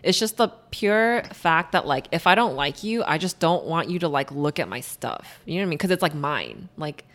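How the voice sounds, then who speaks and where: Lively young woman ranting casually. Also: sits low, normal speed. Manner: ranting, animated, heavy use of "like". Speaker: podcast co-host. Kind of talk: casual chat.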